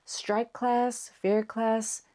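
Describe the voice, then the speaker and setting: A woman's voice: on the high side, flat delivery, very slow, dark tone. Hiccup, a woman doing a nasal nervous viking boy. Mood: apprehensive. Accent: American. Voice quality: nasal, whispery and breathy. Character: nervous young male viking boy, apprehensive.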